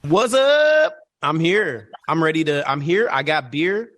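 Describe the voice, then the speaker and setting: A man from Minnesota, a podcast guest, chatting casually in an excitable, jokey way. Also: a little high, measured pace. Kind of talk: casual chat.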